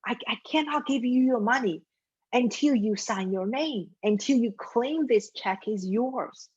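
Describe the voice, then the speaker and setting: Woman playing a calm polite bank teller guy, firm but patient, a bit husky, lo-fi sound. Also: extremely high pitch, a little slow, heavily acted.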